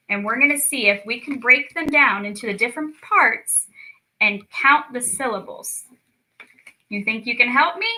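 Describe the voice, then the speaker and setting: A young woman teaching a children's lesson, slow and encouraging as she speaks to young kids. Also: on the high side, bright, forceful tone, rough recording. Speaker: speech clinic storytime teacher.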